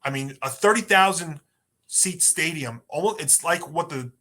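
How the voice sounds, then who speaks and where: A man's voice: a little high, normal speed, bright, forceful tone. A man co-hosting a sports podcast, chatty and rambling through his points. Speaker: podcast co-host. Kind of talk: casual sports talk.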